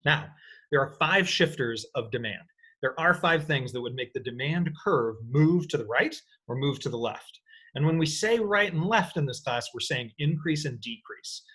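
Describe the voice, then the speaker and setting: A man teaching an economics lecture in an energetic, playful way, often checking in with his students. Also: medium pitch, moderate pace, breathy edge. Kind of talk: recorded lecture.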